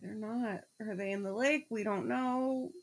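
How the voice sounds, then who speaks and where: A woman's voice: fairly high pitch, measured pace. A woman co-hosting a podcast in casual chat, joking wryly as she reacts. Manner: wry, joking. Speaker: podcast co-host.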